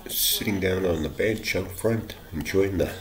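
A man's voice: low voice, measured pace. A man telling a rambling, profane personal account and quoting others in bursts. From Canada. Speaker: vlogger.

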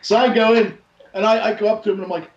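Profane, animated storyteller with a high voice. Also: male voice, fast, a little hiss or hum. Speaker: podcast host. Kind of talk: casual storytelling. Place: home. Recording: echoey, dull lo-fi room sound.

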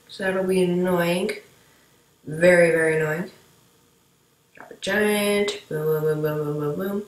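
Woman gamer, low-ish voice, unhurried rambling play-by-play, recorded in an echoey room. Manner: rambling, chatty, talks to viewers while playing. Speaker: gameplay commentator. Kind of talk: casual gameplay commentary.

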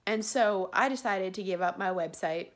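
A woman with a mid-range voice rants angrily at a moderate pace in a personal vlog, complaining about a web host she feels cheated by. Indignant and repetitive, she repeats herself as her anger grows, and drops to whispers when praying.

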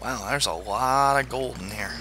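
A man's voice: mid-range voice, normal speed, noisy background. A man giving chatty video game commentary, joking and talking to the monsters in the game. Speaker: gamer.

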